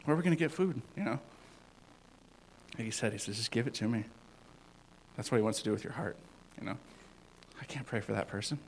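A man giving an informal sermon as a youth pastor, rambling with many fillers and swinging between loud and hushed. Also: lowish voice, brisk, vocal fry, long pauses, a little hiss or hum, rough recording.

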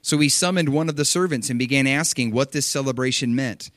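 A man's voice: mid-range voice, a little fast, no echo, studio quality. A man preaching a sermon, reading scripture aloud and expounding on it with emphatic energy. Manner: animated, emphatic, reads scripture aloud and riffs on it.

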